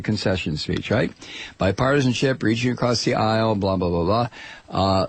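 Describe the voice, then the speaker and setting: A man hosting a political talk radio show, ranting in a sarcastic, mocking monologue that swings from loud outrage to low muttering. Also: breathy edge.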